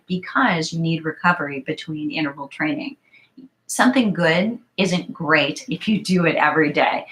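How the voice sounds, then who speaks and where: A woman's voice: lowish voice, fairly bright tone. Chatty middle-aged woman fitness coach. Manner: emphatic, rhetorical questions, chatty asides. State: morning voice, clearing throat. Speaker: fitness coach answering viewer questions. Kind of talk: live Q and A talk.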